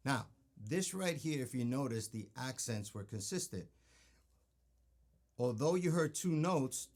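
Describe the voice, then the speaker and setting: A man with a lively, mid-range voice and a slightly slow pace gives a drumming lesson. Over loud drums and stick clicks, he patiently walks through technique, counting beats and frequently asking "okay?".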